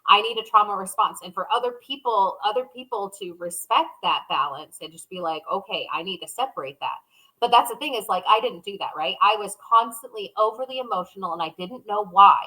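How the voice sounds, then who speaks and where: A woman co-hosting a casual podcast, her voice bright and forward. She talks openly and emotionally, often acting out her inner thoughts as quoted voices. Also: mid-range voice, lively intonation, brisk, low-quality recording. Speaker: podcast co-host. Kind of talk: casual conversation.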